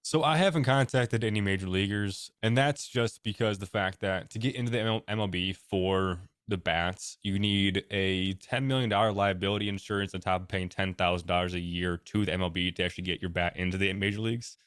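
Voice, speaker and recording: A young man answers questions in a relaxed, plainspoken way, with plenty of fillers. His voice sits low, and the recording is dry and close. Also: brisk, few pauses, clean tone, no echo. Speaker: guest, bat maker. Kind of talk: casual interview answers.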